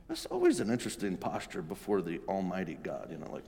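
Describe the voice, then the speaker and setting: A man's voice: deep voice, huge pitch swings, fast, vocal fry, darkish tone. A pastor giving a sermon in an earnest, conversational way, often restarting his phrases. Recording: long reverb in a large hall.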